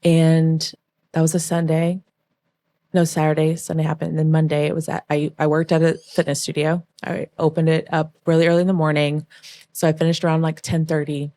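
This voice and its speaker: On a podcast, a young woman who used to be a backup dancer tells an emotional story with animated energy, acting out the voices of the people involved. Her voice is low and fairly quick, recorded with no echo.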